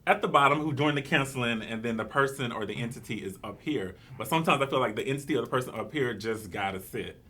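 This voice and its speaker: A man hosting a casual discussion, playful and quick to laugh. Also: medium pitch. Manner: playful, laughing, animated bursts.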